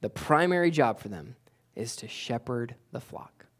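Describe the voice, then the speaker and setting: Male pastor, sermon, repeats phrases for emphasis, restarts sentences, rises in pitch and volume on key points, mid-pitched voice. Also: expressive, unhurried, breathy edge. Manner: grows louder and higher when pressing a point.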